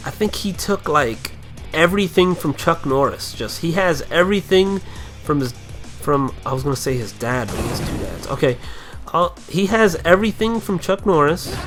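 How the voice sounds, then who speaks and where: A young man giving loose, profane gameplay commentary, rambling along and bursting into kung-fu yells. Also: fairly high pitch. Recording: faint game music behind.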